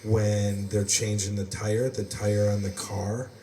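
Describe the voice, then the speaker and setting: A podcast host from the United States tells rambling stories in casual chat, laughing often. His lowish, mellow voice stays level and measured, picked up by a distant mic in a roomy space with faint background noise.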